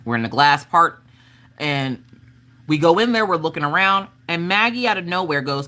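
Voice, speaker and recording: A woman hosting a casual livestream, telling animated stories from home, swearing casually and laughing often. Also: lowish voice, moderate pace. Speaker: livestream host. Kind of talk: casual chat storytelling.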